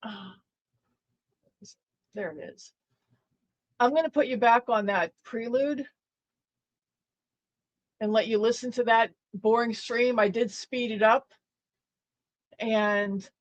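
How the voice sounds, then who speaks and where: Slow, laid-back woman stream host. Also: a little high, muffled recording. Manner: laid-back, unhurried, blunt. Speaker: livestream host. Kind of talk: casual stream commentary.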